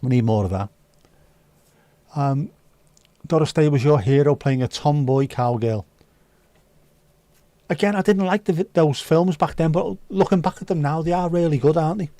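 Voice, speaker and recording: Bloke chatting on a livestream, mellow low-key voice, dry sound, swears a lot and jokes around. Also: male voice, moderate pace, pauses often, no echo. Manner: sweary, jokey banter. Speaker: livestream host. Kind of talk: casual chat reading viewer comments. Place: indoors.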